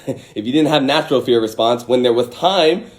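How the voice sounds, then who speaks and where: A man's voice: mid-range voice, moderate pace. A man hosting a livestream, giving a casual motivational talk and acting out angry and scared voices with some swearing. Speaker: host.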